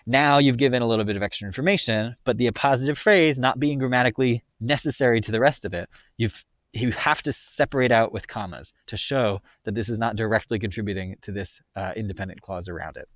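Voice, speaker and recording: A man's voice: mid-range voice, fast talker, fairly bright tone, no echo, dull audio. A man teaching a slideshow grammar lesson in a casual way, full of ums and frequent checks of "right?". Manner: casual, filler-heavy explaining with frequent "right?".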